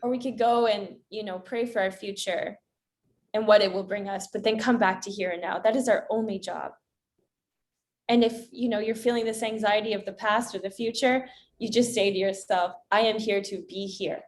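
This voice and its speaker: Woman, coach, podcast guest, calm, reflective, spiritual phrasing. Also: mid-range voice, normal speed. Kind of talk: casual podcast conversation.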